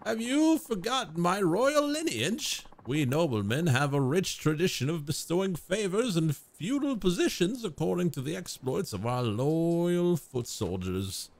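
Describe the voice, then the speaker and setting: A preening, self-styled nobleman of thirty-five, put on by a man reading a game aloud. He stretches out his words in a slow, grandiloquent way and lets his voice swoop high and low. The whole performance drips with disdain. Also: big pitch swings. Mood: haughty. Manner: grandiloquent, drawn-out theatrical delivery.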